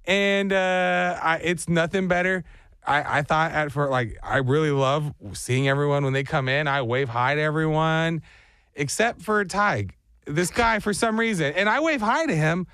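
Man, radio host, high voice, dry studio sound, excitable storyteller. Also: normal speed, clean tone, no echo. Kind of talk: animated morning radio banter. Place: glass-walled radio studio downtown. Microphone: studio microphone.

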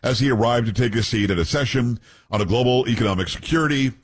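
A man's voice: medium pitch, fast talker, breathy edge. A man hosting a talk radio show, reading news aloud with blunt opinions and joking asides to his co-hosts.

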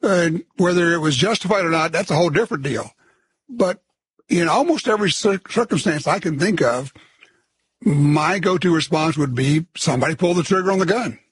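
A man's voice: on the high side, animated, brisk, slightly rough, no room sound, rough recording. A man hosting a call-in radio talk show, plainspoken and blunt.

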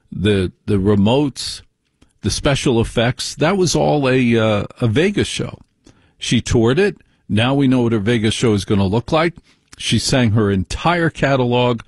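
A man's voice: medium pitch, animated, a little slow, breathy edge, no room sound, clean studio sound. A man hosting a talk show, delivering an opinionated monologue in a ranting, conversational way full of rhetorical questions.

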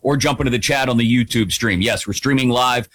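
A man hosting a national sports radio show, opening it in an energetic, playful way. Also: medium pitch, fairly quick. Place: radio studio.

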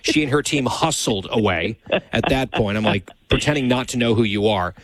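A man's voice: medium pitch, animated, normal speed, a bit bright. A man hosting a show, teasing his producer in dry, casual on-air banter. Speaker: show host.

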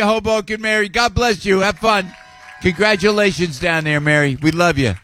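A man's voice: high voice, normal speed, pushed and bright, a little hiss or hum. A man hosting a radio show from a jazz club, effusive and laughing often. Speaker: radio host.

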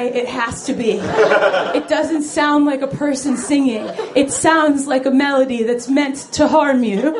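Slow, high-voiced woman mocking onstage. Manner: laughing, mocking delivery. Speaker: stand-up comedian. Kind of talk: stand-up routine. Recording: loud crowd and room noise.

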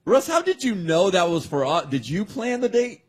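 A man's voice: sits high, very animated, moderate pace, breathy edge. A man hosting a radio morning show, telling a story casually with many fillers. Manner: hesitant, filler-heavy storyteller.

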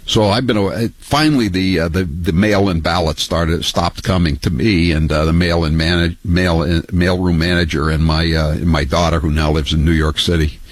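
An older man hosting a talk radio show, talking in a halting way with many fillers and mocking asides. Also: sits low, steady tone, no room sound, poor audio. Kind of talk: talk radio monologue and calls.

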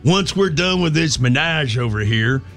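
A man's voice: a little high, expressive, normal speed, a bit bright, faint music behind. A man hosting a radio show in casual on-air banter, joking and playfully mangling food words.

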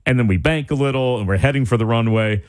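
A man telling a personal story in a casual, animated way, full of "like" and restarts. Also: medium pitch, quick pace, no echo, clean studio sound. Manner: animated, wide-ranging delivery, lots of "like" and restarts.

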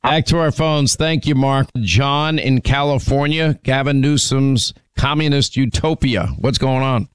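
Firm opinionated radio host man, smooth. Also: medium pitch, measured pace, hardly any pauses, no echo. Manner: firm, opinionated, frequent restarts. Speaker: radio talk show host. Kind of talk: political talk radio. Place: radio studio.

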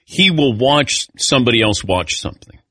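A man hosting a radio show in casual chat, telling animated stories and calling on his co-hosts by name. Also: medium pitch, normal speed, slightly rough. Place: radio studio.

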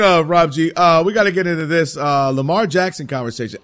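A man hosting a sports radio show, talking in an animated, sing-song way and laughing often. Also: on the high side, quick pace, few pauses. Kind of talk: casual sports talk. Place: radio studio.

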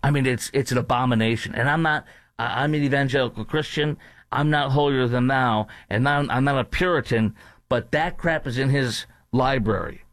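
A man's voice: mid-range voice, moderate pace, a bit bright, dry recording. Emphatic male radio host. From North Texas. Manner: emphatic, repetitive, combative. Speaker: radio talk show host. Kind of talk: political commentary monologue.

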